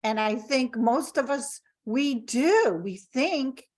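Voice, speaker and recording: A middle-aged woman hosting a podcast interview, speaking gently and in a measured way from her own experience. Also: sits high. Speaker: podcast host. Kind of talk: conversational interview.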